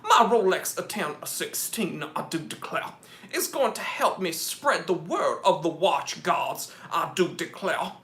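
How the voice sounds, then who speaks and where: A man's voice: a little high, animated, a little slow, pushed and bright. A man voicing a blustering Southern cartoon rooster with a drawling, repetitive delivery. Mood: blustery. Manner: drawling, repeats "I do declare". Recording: echoey room.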